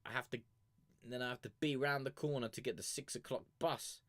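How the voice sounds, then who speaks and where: A man's voice: medium pitch, fairly even intonation, a little fast, fairly bright tone, dry recording, clean studio sound. A young man, rambling and swearing his way through casual stream chat. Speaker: streamer reviewing music.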